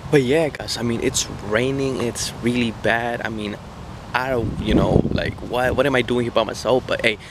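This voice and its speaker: A young man casually vlogging outdoors by the water in light rain, talking excitedly and slangily straight to his viewers on a handheld phone. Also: fairly low pitch. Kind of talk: casual outdoor vlog chat. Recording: outdoor phone audio with street noise.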